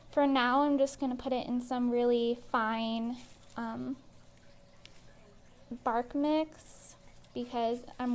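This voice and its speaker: Woman vlogger, out of breath and exasperated, casual ranting review, voice a touch high. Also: a little mellow. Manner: exasperated, says "like" often. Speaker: plant vlogger.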